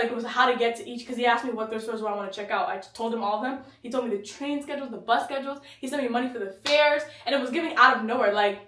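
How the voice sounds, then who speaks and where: A young woman co-hosting a casual podcast chat, animated and joking, often trailing off and restarting. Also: a little high, very fast, hardly any pauses. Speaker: podcast co-host. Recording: roomy echo, mic at a distance.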